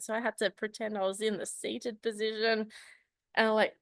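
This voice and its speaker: A woman in her forties giving an impromptu speech, telling a personal story in an animated way. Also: mid-range voice, normal speed, no room sound. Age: 40s. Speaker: club speaker.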